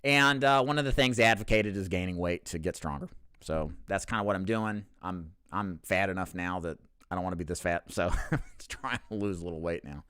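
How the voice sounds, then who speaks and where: A man's voice: low voice, a little fast, pushed and bright, smooth, no room sound, clean studio sound. A man hosting a casual question-and-answer talk, candid and joking at his own expense, often restarting his sentences. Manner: candid, joking, self-deprecating, with frequent restarts. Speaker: insurance agency owner and host. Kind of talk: casual Q&A monologue to camera.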